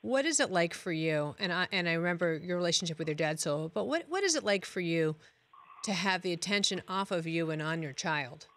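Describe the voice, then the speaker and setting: A man's voice: a little high, expressive, a little fast, a bit bright. A man hosting a sports talk show, asking teasing, upbeat questions.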